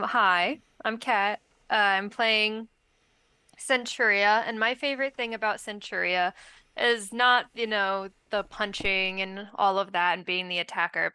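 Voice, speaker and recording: A woman's voice: medium pitch, sharp tone, clear, resonant tone, no room sound. A woman player chatting casually about her character, giggly and chatty. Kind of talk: casual chat.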